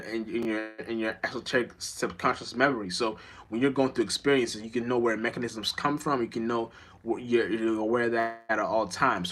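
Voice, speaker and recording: A man's voice: mid-range voice, a bit bright. A man giving a casual, rambling monologue to his viewers. He swears a lot, stumbles over words, restarts often, and keeps checking in with his listeners. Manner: keeps asking "you know what I'm saying". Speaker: streamer.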